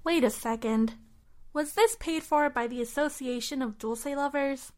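A woman's voice: sits high, measured pace, a little mellow. A woman co-host in a comedy sketch, playing a cheerfully clueless tour guide. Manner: playfully clueless.

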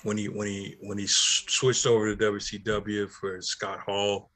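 Bright-voiced man reminiscing casually. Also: on the low side, monotone, measured pace. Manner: laid-back, reminiscing, trailing restarts. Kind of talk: casual wrestling talk.

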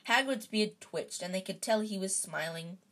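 A woman's voice: medium pitch, moderate pace, fairly bright tone. A woman reading a children's novel aloud in a casual way, with small slips and fillers. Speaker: narrator.

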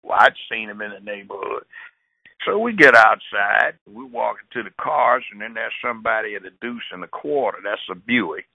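Older man telling animated street stories. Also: lowish voice, moderate pace, gravelly, husky, dry recording. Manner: animated, acts out street dialogue. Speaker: guest. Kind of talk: storytelling in conversation. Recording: tinny dry phone line.

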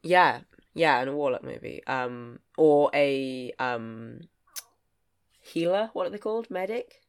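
A man who co-hosts and writes a podcast, chatting casually and speaking haltingly with many ums. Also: mid-range voice, expressive, clear, resonant tone.

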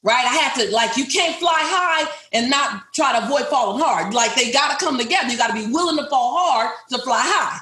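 Talking a little fast with hardly any pauses, this middle-aged woman, a business owner, shares a motivational personal story with a group, addressing them directly in an emphatic, repetitive way. Her high voice is animated, bright and forceful, heard in a roomy echo.

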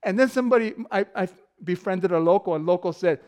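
A man's voice: high voice, fast, a little mellow. A middle-aged man giving a casual sermon full of personal stories, joking and laughing often. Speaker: pastor.

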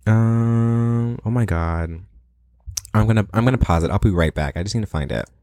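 A young man with a very low voice hosts his own podcast, chatting loosely and wandering off topic. He is playfully boastful and theatrical, and the recording is close and dry with no room sound. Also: normal speed, a little mellow, no room sound. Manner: rambling and playfully self-aggrandizing, with laughs and dramatic asides. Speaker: podcast host. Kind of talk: casual solo podcast rant.

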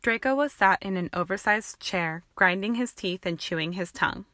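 A woman narrating a fan-fiction audiobook with an even, steady reading. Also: mid-range voice, normal speed, no room sound, clean studio sound.

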